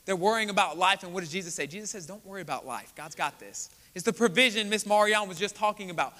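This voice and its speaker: Pastor, male, bright forceful sermon voice, reverberant sanctuary. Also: high voice, animated, quick pace. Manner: earnest, building to emphatic preaching. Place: church sanctuary. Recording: church hall with long reverb.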